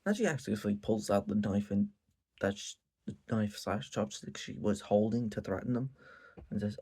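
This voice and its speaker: A man's voice: lowish voice, moderate pace, slightly rough. A man ranting casually and profanely about a show late at night. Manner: animated, profane, repetitive ranting. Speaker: anime reviewer.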